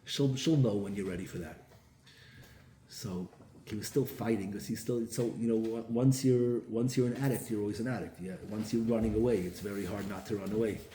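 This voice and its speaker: A man's voice: fairly low pitch, fairly even intonation, fairly quick, dark tone. A man, a rabbi giving a storytelling sermon who acts out the people in his stories. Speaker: rabbi giving a Torah talk. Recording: echoey room with faint ambient noise.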